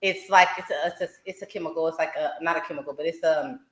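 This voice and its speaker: A woman hosting a podcast, talking in a casual, animated, rambling way and swearing freely. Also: low voice, quick pace, roomy sound, low-quality recording. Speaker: podcast host.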